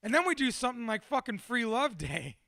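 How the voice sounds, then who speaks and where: A man's voice: very high-pitched, sing-song, fairly quick, gravelly, sharp tone, no echo, clean studio sound. A man in his thirties, a motivational speaker, rambling profanely and self-deprecatingly through a candid personal monologue.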